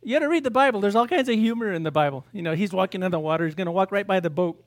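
High-voiced pastor preaching conversationally. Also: male voice, expressive, rapid-fire. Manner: conversational preaching, rhetorical questions to the congregation; acts out biblical dialogue in raised voices. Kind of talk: sermon.

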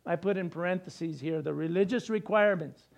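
A male pastor delivering a sermon, animated and conversational, with asides to the congregation. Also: high-pitched, brisk, creaky.

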